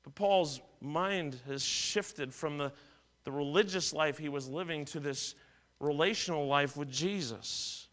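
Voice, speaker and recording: Man, middle-aged, pastor, sermon, high pitch, conversational, repeats words. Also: measured pace, fairly bright tone. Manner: conversational, tells personal stories, restarts and repeats words.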